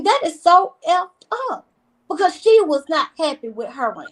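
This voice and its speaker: A woman, a reality TV guest telling animated stories in a casual interview, with emphatic repetition. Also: high voice, unhurried, rough recording.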